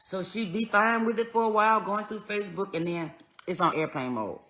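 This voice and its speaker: A woman tells a personal story straight to the camera. Her voice has a bright, forward edge, and her pitch sits in the middle. She speaks earnestly and conversationally, dropping quiet and then lifting as she retells what was said. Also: brisk. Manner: earnest, conversational, swings between quiet and raised when retelling. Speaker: vlogger.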